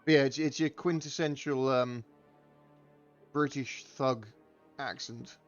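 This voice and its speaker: A man's voice: mid-range voice, fairly even intonation, slow, dull audio, soft background music. A man casting a live game tournament with loose, joking play-by-play. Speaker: tournament caster.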